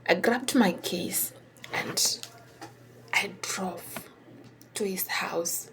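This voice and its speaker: A woman whispering a personal story, halting and hesitant with many pauses and restarts. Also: mid-range voice, fairly bright tone.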